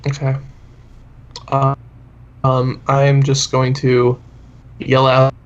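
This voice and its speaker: A man's voice: mid-range voice, completely flat delivery, slow pace. A man playing in a tabletop game, chatting in an easygoing, hesitant way. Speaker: player. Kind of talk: casual tabletop game chat. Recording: muffled, dull mic.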